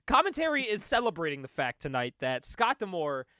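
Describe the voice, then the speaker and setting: Giggly man with a lively voice. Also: high-pitched, moderate pace, dry recording, clean studio sound. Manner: giggly, swears a lot, acts out quotes. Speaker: podcast co-host. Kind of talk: casual chat recapping wrestling.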